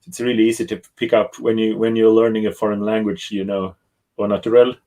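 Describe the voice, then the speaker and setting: Gravelly man chatting on a call. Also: on the low side, little pitch movement, brisk, mellow. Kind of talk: casual chat on a video call.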